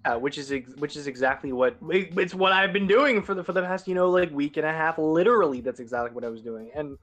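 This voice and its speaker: A man's voice: on the high side, quick pace, a bit bright, highs cut off. Earnest young man rambling anxiously. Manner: earnest, rambling, self-doubting. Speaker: podcast guest and sports announcer. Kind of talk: casual podcast chat.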